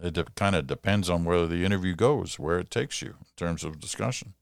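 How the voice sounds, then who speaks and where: An older man with a deep voice and some vocal fry hosts a podcast, talking a little fast in clean, echo-free studio sound. He reads listener letters aloud and answers them conversationally, explaining things and chuckling now and then.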